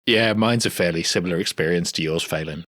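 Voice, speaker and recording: Man, very deep voice, chuckling, casual chat, dry mic. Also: fast talker, a bit bright, no echo. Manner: chuckles through his stories. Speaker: podcast host.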